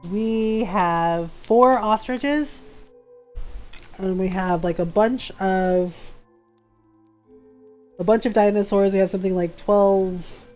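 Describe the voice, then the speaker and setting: Slow, rambling woman game streamer. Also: medium pitch. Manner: rambling, self-deprecating, many ums. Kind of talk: casual let's-play chat.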